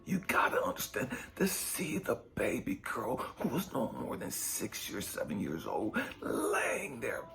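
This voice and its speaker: A man giving an emotional motivational talk, dropping to hushed whispers and rising to cracking cries, swearing hard. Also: medium pitch, huge pitch swings, a little slow, gravelly, hardly any pauses, soft background music. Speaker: motivational speaker and life coach.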